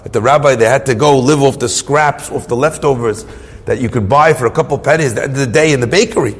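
A man telling a religious story in a sermon, moving between hushed and emphatic delivery, recorded in a reverberant hall. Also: mid-range voice, fast talker, breathy edge.

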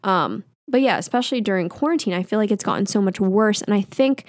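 A woman's voice: medium pitch, animated, fast talker, no room sound. A young woman in her twenties talks alone into a podcast microphone at home, chatty and candid. She pokes fun at herself and scatters fillers through her talk. Her voice sits mid-range and sounds close and dry. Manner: candid, self-deprecating, chatty with many fillers. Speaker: podcast host. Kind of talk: casual solo podcast monologue.

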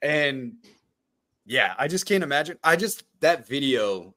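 A man's voice: mid-range voice, lively intonation, a little slow, bright, forceful tone. A man co-hosting a podcast, telling things bluntly with a lot of swearing. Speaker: podcast co-host. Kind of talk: casual profane group chat.

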